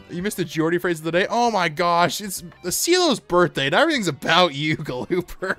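A man's voice: high-pitched, fairly quick, hardly any pauses, soft background music. A man streaming live and chatting casually with his viewers, joking and laughing as he plays. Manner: joking, talks to chat, lively bursts of laughter.

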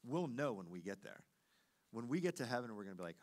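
A man preaching as a pastor, telling a personal story in a lively way and acting out the voices of the people in it. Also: medium pitch, fast. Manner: animated storyteller, acts out quoted voices. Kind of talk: sermon with storytelling.

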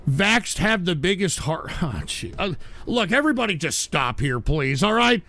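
A man hosting a livestream talk show, scolding his audience in an exasperated rant that keeps breaking into shouts. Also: high voice, big pitch swings, moderate pace.

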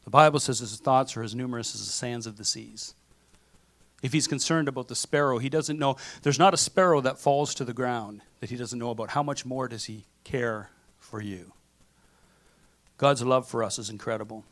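Animated man preaching a sermon. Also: mid-range voice, normal speed. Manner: animated storytelling with acted-out quotes. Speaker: pastor. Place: church sanctuary.

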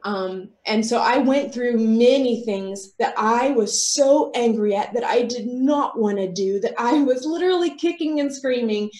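A woman's voice: a little high, a little slow, few pauses, roomy sound. Earnest American woman giving an emotional testimony. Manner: emotional, earnest, swings from soft to excited. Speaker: author and speaker. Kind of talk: faith testimony talk.

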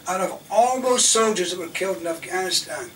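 Recorded on a distant mic at the back of a lecture hall, with faint room noise, an older male defence lawyer from Scotland delivers an impassioned lecture. He's expressive and brisk, his pitch raised, shifting between loud, indignant emphasis and near-whispers.

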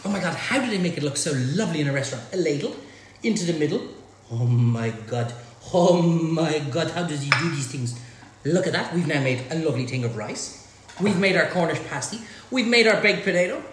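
High-voiced, chatty Irish man cooking live. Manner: chatty and excitable, full of exclamations. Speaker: chef host. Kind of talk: live cook-along stream. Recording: very echoey room, faint noise.

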